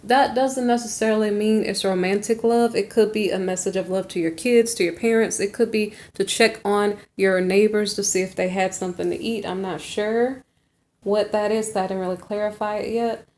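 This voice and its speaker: A woman's voice: medium pitch, darkish tone. A woman reading tarot cards in a chatty, thinking-aloud way, sometimes acting out snippets of girl talk. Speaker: tarot reader. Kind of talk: casual tarot reading monologue.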